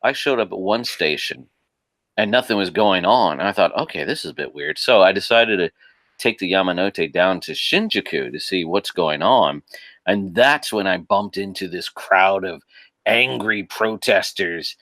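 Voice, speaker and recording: A man with a very low voice, talking in a casual podcast chat. He is animated, laughs often and restarts his sentences. The sound is dry and close. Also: a little slow, no echo. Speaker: podcast guest.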